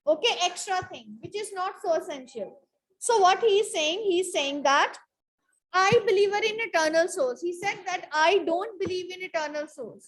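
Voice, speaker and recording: A woman's voice: extremely high pitch, rough recording. A woman teacher giving a classroom lesson, reading from a text and explaining word meanings, repeating phrases and saying "okay" often.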